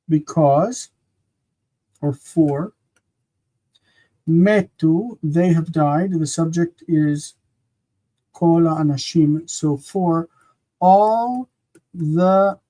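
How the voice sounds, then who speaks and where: A grammar teacher leads a live-streamed lesson at an unhurried, deliberate pace. The voice is mellow and soft-edged, and the teacher stops often to think, then repeats key words slowly so they sink in. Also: medium pitch. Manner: slow, patient explaining with frequent "uh" pauses; spells out forms aloud and repeats words slowly.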